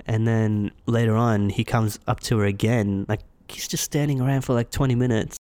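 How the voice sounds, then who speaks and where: A man's voice: lowish voice, moderate pace, smooth, no room sound. A man telling a story in casual chat, acting out each person's lines. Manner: animated storytelling, acting out dialogue.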